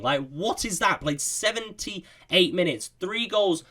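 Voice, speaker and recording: A man's voice: sits high, animated, slow, pushed and bright. A man in his twenties giving casual, opinionated player ratings in slangy chat. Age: 20s. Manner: slangy and opinionated, lots of "bro". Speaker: gaming YouTuber rating players.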